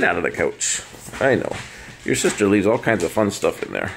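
A middle-aged man vlogging casually from his couch, talking warmly and doting on his dogs. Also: on the low side, animated, moderate pace, a little hiss or hum. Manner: warm, doting baby talk to his dogs. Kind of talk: casual home vlog. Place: home living room couch.

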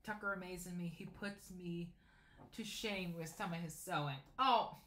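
Chatty teen boy with a bright, high voice. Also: normal speed, roomy sound. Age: late teens. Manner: chatty, reads viewer comments aloud and answers them. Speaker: sewing channel host. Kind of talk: casual livestream chat while sewing. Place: home sewing room.

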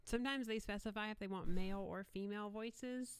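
A woman's voice: medium pitch, fairly quick, a little hiss or hum. A woman producing radio commercials on a live stream, chatting loosely with her viewers, swearing now and then and trailing off mid-sentence. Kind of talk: casual stream chat between commercial reads.

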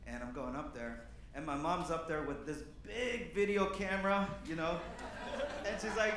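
A man's voice: a little high, normal speed, a bit bright, heavy reverb, slight background noise. A man in his thirties, originally from Peru, doing a stand-up set in a comedy club with a loose, rambling delivery full of fillers. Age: 30s.

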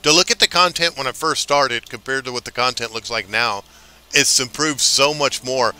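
A man's voice: mid-range voice, moderate pace, sharp tone, clean tone, faint music behind. A man streaming a game live, chatting casually and hyping up his viewers. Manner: chatty, hyped, talks back to viewers.

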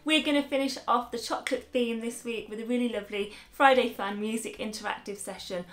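Woman, 30s, high voice, cheerful kids' music teacher, clear and encouraging. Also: fairly even intonation. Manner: upbeat, encouraging, speaks slowly and clearly to young children. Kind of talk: children's music lesson.

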